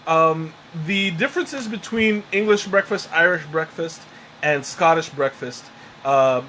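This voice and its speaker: A man's voice: a little high, unhurried, sharp tone, a little hiss or hum. Chatty man hosting a live tea stream. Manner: chatty, self-deprecating, rambling with restarts. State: sweating and catching his breath after choking. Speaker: livestream host. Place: home room with a fan running.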